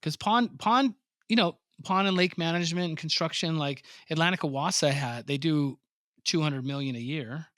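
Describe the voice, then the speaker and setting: A man's voice: fairly high pitch, normal speed, no room sound, studio quality. A man, a pond business owner, telling stories in a casual podcast interview and acting out his own surprised reactions. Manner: animated storyteller, swears freely, acts out his own reactions.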